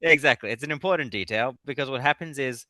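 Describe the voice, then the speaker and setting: A man, a guest author in a casual interview, telling animated stories and laughing often. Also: mid-range voice, fast, dry recording. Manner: animated storyteller.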